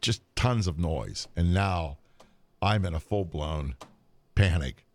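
A man in a casual podcast chat, telling a long story in an animated way, with restarts and trailing asides. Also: deep voice, slow.

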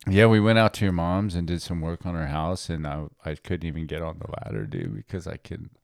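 A man's voice: low-pitched, a little fast, vocal fry, darkish tone, no room sound, studio quality. A man co-hosting a casual podcast, laid-back and slangy, laughing easily. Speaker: podcast co-host. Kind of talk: casual chat.

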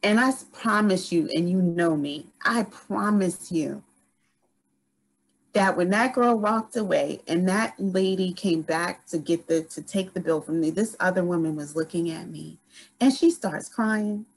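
A woman guest on a podcast telling a story in casual conversation, animated and full of restarts. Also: fairly low pitch, a little slow, husky, poor audio.

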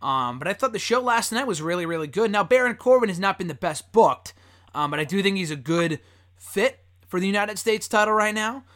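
A man's voice: sits high, expressive, brisk, a bit bright. A man hosting a casual chat, blunt and profane and often laughing. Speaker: podcast host.

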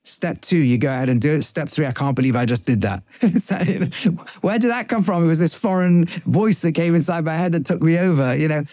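A man's voice: fairly high pitch, fairly quick, no room sound. A man teaching as a rabbi, reading Hebrew lines from a text and then explaining them, with many restarts and self-corrections as he thinks aloud. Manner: turns lively when acting out the voice of temptation. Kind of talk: text study lecture.

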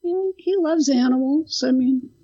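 Mellow, chatty woman, slightly muffled. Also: high-pitched, unhurried. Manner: chatty, giggly, trails off mid-sentence. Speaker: podcast co-host. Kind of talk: casual film discussion.

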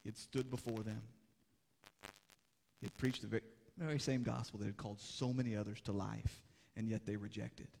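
A young adult man preaching a sermon as pastor, moving between urgent, rising exhortation and hushed, grave passages. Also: lowish voice, steady tone, moderate pace, gravelly. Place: church sanctuary. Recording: long hall reverb.

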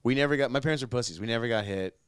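A man's voice: mid-range voice, racing, clean tone, no room sound. A man co-hosting a casual podcast chat, talking loosely with plenty of swearing and laughter. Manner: loose and profane, laughs often. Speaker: podcast co-host. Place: house in Austin.

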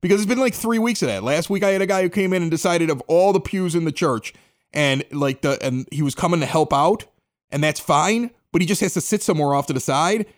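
A middle-aged man with a Chicago accent hosts a podcast, telling a story in casual conversation and acting out the dialogue. His voice is a little high and a little fast.

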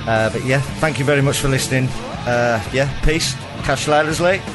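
A man's voice: medium pitch, a little fast. A nervous man hosting a casual podcast chat, laughing often and swearing freely. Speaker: podcast host. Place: podcast studio. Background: music playing.

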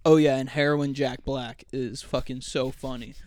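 Podcast co-host, male, smooth dry voice, lively storyteller. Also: mid-range voice, moderate pace, no echo. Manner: animated storytelling, acts out movie lines. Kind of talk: casual chat.

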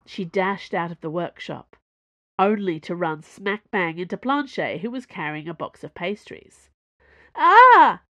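A woman narrating a storybook in an even, measured reading. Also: on the low side, no echo. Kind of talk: audiobook narration.

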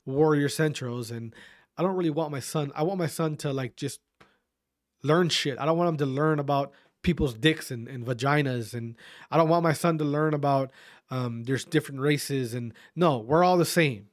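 Profane, animated male podcast host. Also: on the high side, normal speed, dry recording, clean studio sound. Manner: profane, animated, self-interrupting. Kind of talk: casual storytelling monologue.

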